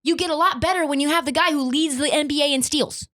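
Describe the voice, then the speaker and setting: Fiery, high-pitched woman sports podcaster. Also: quick pace, fairly bright tone. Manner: fiery, profane, emphatic. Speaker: podcast host. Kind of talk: opinionated sports podcast rant.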